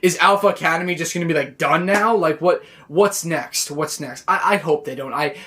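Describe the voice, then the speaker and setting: A man recapping a wrestling show in a casual, excitable, rambling way, full of "like" and restarts. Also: fairly high pitch, normal speed. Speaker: wrestling reaction vlogger.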